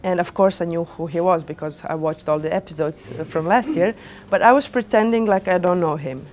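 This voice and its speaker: A young woman DJ telling her story to an audience in animated, non-native English with small grammar slips, lots of fillers and restarts. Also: lowish voice, brisk, a little hiss or hum. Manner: animated, acts out quoted dialogue. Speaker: DJ giving a lecture.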